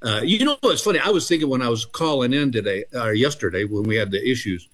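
A man's voice: mid-range voice, animated, quick pace, a bit bright. Chatty older man from Texas. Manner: chatty, self-deprecating storyteller with many fillers. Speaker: comedian guest. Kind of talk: casual interview storytelling.

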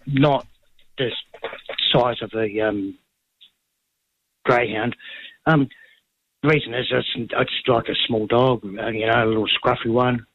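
A man with a New Zealand accent calling in to a radio show, speaking hesitantly with many ums and restarts. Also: mid-range voice. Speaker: caller. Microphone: phone. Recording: slightly dull phone line.

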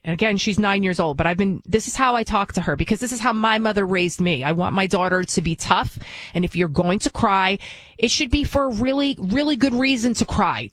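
A news show host delivers a casual monologue that's blunt, outspoken and opinionated. Her medium-pitched voice runs a little fast, with no echo.

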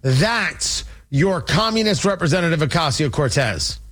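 A man's voice: on the high side, animated, unhurried, fairly bright tone. A man hosting a political opinion show, talking in an indignant, mocking and emphatic monologue. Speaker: talk show host.

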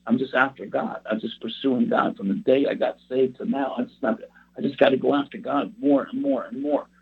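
A man's voice: medium pitch, creaky, breathy edge. A man preaching a personal testimony in an earnest, rambling storytelling way. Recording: tinny phone-like sound.

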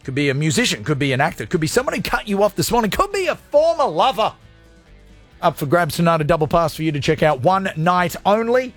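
A man hosting a radio show, loud, jokey and hyped as he chats with callers. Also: sits high, big pitch swings, a little fast, faint music behind. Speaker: radio host. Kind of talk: energetic radio show chat.

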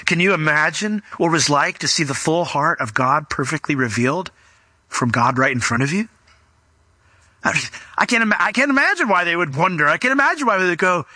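Male pastor, sermon delivery, bright and forceful tone, slightly raised pitch, dry sound. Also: expressive, brisk, no echo. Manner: conversational, acts out quotes, emphatic.

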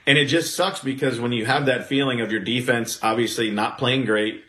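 A man, a former pitcher, talking baseball in a blunt, animated way that rises into exasperated outbursts. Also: normal speed. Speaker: former pitcher, podcast guest. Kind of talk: casual sports talk. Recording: roomy echo.

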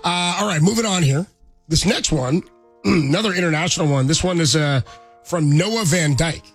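A man's voice: on the high side, moderate pace, slightly rough, faint music behind. A man hosting a sports radio show, reading listener letters and laughing in easygoing banter.

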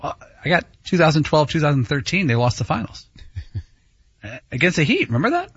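A man's voice: on the high side, big pitch swings, fairly quick, breathy edge, no room sound, dull audio. A man co-hosting a sports radio show, chuckling while he talks. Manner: amused, laughs while talking.

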